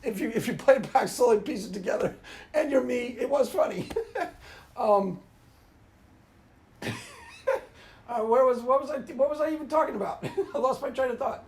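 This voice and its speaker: A man's voice: very high voice, normal speed, long pauses, a little hiss or hum. A man hosting his own video, ranting casually and rambling, often laughing at his own jokes. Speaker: video host.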